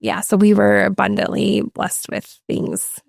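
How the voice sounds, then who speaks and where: A woman in her thirties, a guest in a casual interview, talking warmly and effusively and often repeating her words. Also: medium pitch, little pitch movement, measured pace, gravelly, no room sound, studio quality. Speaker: guest, adoptive mother. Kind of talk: casual interview over video call.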